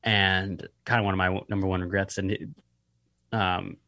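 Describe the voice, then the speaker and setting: A young man talking as a podcast guest, slightly low-voiced and easygoing. He rambles along with lots of fillers and the occasional swear word. The recording is dry and close-miked. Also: little pitch movement, moderate pace, gravelly, sharp tone, dry recording. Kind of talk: casual podcast conversation.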